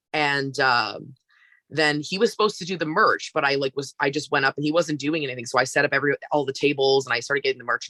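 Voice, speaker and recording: A woman from Canada, a wrestler guest on a podcast, telling a story in a casual, animated way with lots of fillers. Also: sits low, no room sound.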